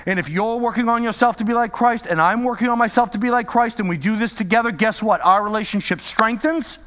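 A man's voice: sits high, quick pace, a bit bright, long reverb tail. A male pastor preaching a sermon with impassioned, repetitive exhortations.

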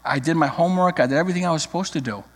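A preacher voicing a foster kid quietly asking for a reward. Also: male voice, a little high, very fast, big-room sound, close to an everyday voice. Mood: wheedling.

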